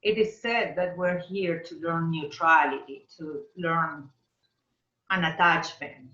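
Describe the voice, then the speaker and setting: A woman speaking as a guest on a video call, reflective and musing with hesitant pauses. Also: sits low, steady tone, bright, forceful tone, reverberant, lo-fi sound. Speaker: interview guest.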